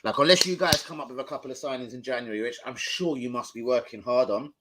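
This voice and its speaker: A man's voice: mid-range voice, quick pace, background noise. A young man, swearing and rambling in casual slang as he chats on a live stream from home into his phone. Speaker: football fan streamer.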